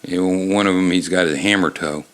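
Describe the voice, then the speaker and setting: A man's voice: sits low, steady tone, fairly quick, fairly bright tone. An older man hosting a casual book podcast from a bar, rambling and swearing wryly as he talks. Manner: rambling, profane, wry. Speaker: podcast host. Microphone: tabletop mic, moved off-axis.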